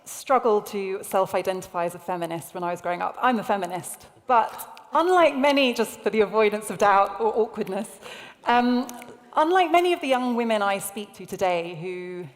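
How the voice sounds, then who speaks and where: A woman's voice: mid-range voice, expressive, normal speed. A woman on a panel giving a candid, reflective personal talk to an audience. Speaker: panel speaker. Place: large hall. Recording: reverberant lecture hall.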